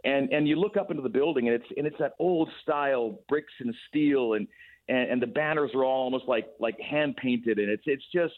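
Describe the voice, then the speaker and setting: A man's voice: mid-range voice, a little fast. A man talking over a sports radio phone line, thoughtful and full of restarts and repeated words. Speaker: radio play-by-play guest. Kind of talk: sports radio call-in chat. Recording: tinny phone-line sound.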